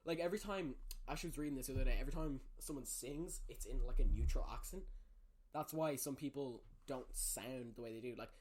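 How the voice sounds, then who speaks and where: A man's voice: mid-range voice, fairly quick, a little mellow, slight background noise. A young man hosting a podcast, chatting casually, laughing easily and swearing now and then. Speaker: podcast host. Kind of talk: casual chat.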